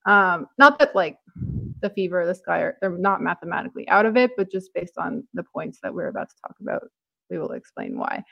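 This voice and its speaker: A young woman from Toronto, Canada co-hosts a podcast, chatting casually about sports with lots of "like" and "um." Her fairly low, gravelly voice runs a little fast, recorded with no echo and the highs cut off.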